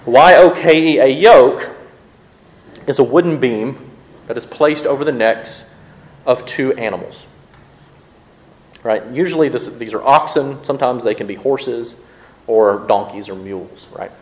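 Through poor audio, a medium-pitched man speaks a little slowly with long pauses. He's a pastor giving a conversational sermon, often asking the congregation "right?" to keep them engaged.

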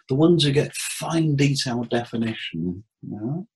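Husky therapist guy, mid pitch, tells stories about clients and does their voices. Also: normal speed, hardly any pauses, low-quality recording. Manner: animated storyteller acting out client dialogue. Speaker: therapist guest. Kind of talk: casual interview chat.

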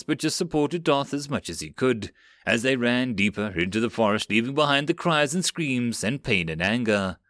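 A man reading a web novel audiobook in an animated narration style. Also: medium pitch, no room sound, clean studio sound.

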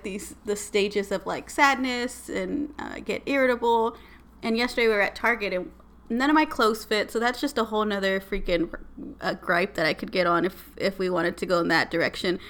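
Bright animated woman. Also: mid-range voice, moderate pace. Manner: animated, exasperated storytelling. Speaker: podcast co-host. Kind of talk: casual chat.

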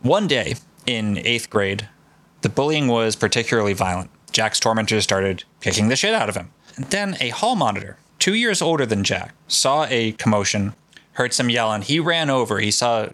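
A man hosting a podcast, telling a story in casual, profane and excited chat. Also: on the low side, moderate pace, no echo. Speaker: podcast host.

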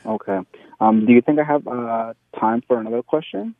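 Gravelly low caller on a tinny phone. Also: male voice, very animated, a little fast, dry recording. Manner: hesitant, many fillers. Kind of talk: call-in question. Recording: tinny phone line, dry.

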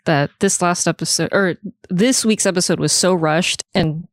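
A woman's voice: fairly low pitch, normal speed, no room sound. A woman co-hosting a casual podcast chat, talking bluntly and swearing freely. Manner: blunt, swears, laughs often. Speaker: podcast co-host. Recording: dry close mic, webcam call.

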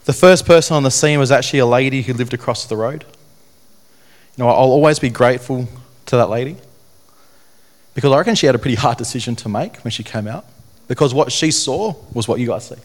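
A young man telling his personal story to an audience, in an earnest, halting way that repeats phrases. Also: medium pitch. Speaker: speaker telling his testimony. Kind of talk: personal testimony talk to an audience.

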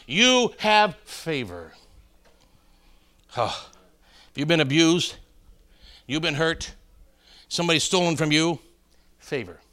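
A middle-aged man preaches in a high, bright, forceful voice. He spins folksy stories and keeps calling out to the congregation to follow along. His delivery rises and punches as he drives each point home. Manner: folksy storytelling, calls out to congregation. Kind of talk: sermon with joke stories.

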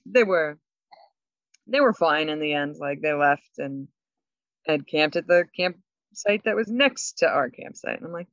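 A woman co-hosting a podcast, telling a story with lots of laughs and quick asides. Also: sits low, lively intonation, no room sound, highs cut off. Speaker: podcast co-host. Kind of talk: casual chat.

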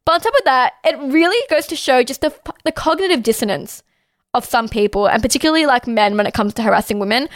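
A woman's voice: high voice, expressive, fast talker, no room sound, clean studio sound. Heated, sweary woman co-host. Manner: heated, swears often, lots of "like". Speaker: podcast co-host. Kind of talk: casual chat.

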